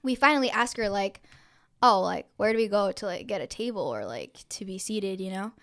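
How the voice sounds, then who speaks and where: A woman's voice: mid-range voice, lively intonation, brisk, a bit bright. A young woman co-hosting a podcast, telling a story in a casual chat. She swears freely and acts out the lines of the people in it. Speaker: podcast co-host.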